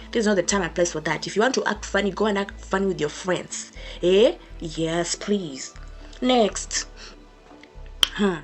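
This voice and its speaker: A young woman vlogger giving a sassy, emphatic storytime rant to camera, repeating her points for effect. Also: medium pitch.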